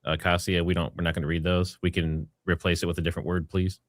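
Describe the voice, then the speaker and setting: A man with a low, deep voice hosts a live stream, upbeat and casual as he reads out viewer messages. The sound is dry and close, with no room behind it. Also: little pitch movement, fast talker, no echo. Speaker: live-stream host reading super chats.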